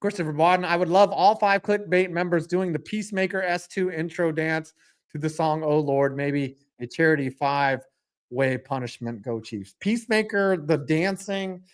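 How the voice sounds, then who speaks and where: A man's voice: a little high, moderate pace. Rambling man calling football on stream. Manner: rambling, joking banter mixed with play-by-play; self-deprecating, reads chat aloud. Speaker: stream host. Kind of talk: live sports reaction stream.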